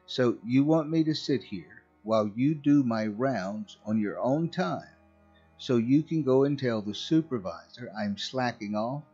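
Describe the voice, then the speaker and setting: A man's voice: medium pitch, unhurried, dark tone, breathy edge, lo-fi sound, soft background music. A man doing a curt, annoyed guard. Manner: irritated, scolding. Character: annoyed male security guard coworker, curt.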